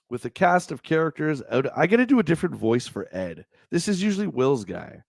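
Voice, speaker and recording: A man's voice: medium pitch, sing-song, moderate pace, vocal fry, hardly any pauses, a little mellow, no echo, studio quality. A man with a stuffed-up, nasal voice hosting a livestream, reading old magazine reviews aloud and riffing on them in a rambling, jokey way. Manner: rambling, jokey, reads then riffs on the text.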